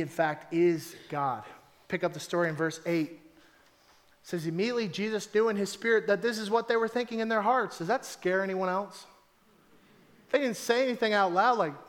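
High-voiced man preaching a lively sermon. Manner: animated, conversational preaching with emphatic repetition. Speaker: pastor.

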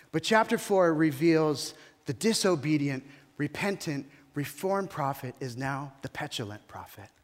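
A male pastor giving a sermon, animated, rising and falling in volume and calling on the congregation to respond. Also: on the high side, long reverb tail.

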